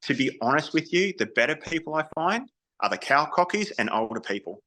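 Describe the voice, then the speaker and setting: Bright-voiced Australian man telling stories. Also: on the high side, very animated, fairly quick, low-quality recording. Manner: candid, frank, frequent restarts. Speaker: podcast guest, army veteran. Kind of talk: casual interview storytelling.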